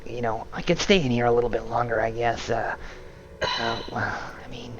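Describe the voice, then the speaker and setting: A man's voice: medium pitch, level tone, moderate pace, highs cut off, background noise, close to an everyday voice. A man voicing a timid, nerdy male prisoner who has been alone a long time, speaking mildly and apologetically. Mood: fretful. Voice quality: soft, mild, fussy and apologetic.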